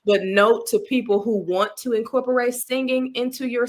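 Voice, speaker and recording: A woman guest on a podcast, talking in an animated, expressive way about speaking and laughing easily. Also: fairly high pitch, normal speed. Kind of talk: casual interview.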